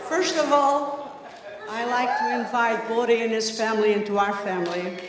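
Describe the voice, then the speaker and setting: A man's voice: very high-pitched, normal speed, a loud crowd. An older man, the bride's parent, giving a reflective, sentimental wedding toast. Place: wedding reception hall. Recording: echoey hall with long reverb, background noise.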